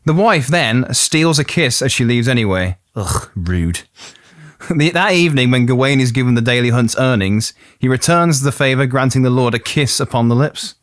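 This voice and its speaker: Brief: Midlands podcast host, lively up-and-down delivery, dry close sound, jokey storyteller. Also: male voice, mid-range voice, no room sound. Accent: English Midlands. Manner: playful, quick to laugh at his own jokes. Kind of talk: comic retelling of a legend.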